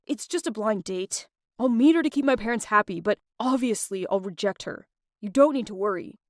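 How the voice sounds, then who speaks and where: A woman's voice: mid-range voice, animated, moderate pace, no echo, clean studio sound, natural voice. Woman doing a curt, dismissive young boyfriend. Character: dismissive young boyfriend who obeys his parents.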